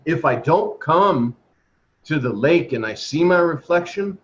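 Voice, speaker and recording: A man's voice: a little high, lively intonation, measured pace, fairly bright tone. A man leading a spiritual discussion group from home, speaking earnestly and stacking up repeated emphatic phrases. His voice rises and falls a lot. The sound comes through a muffled video call.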